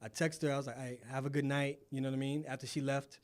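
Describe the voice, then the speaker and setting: A man in his forties from Florida, a guest telling relaxed, laughing anecdotes in casual chat. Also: mid-range voice, fast. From Florida, USA. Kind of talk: casual storytelling.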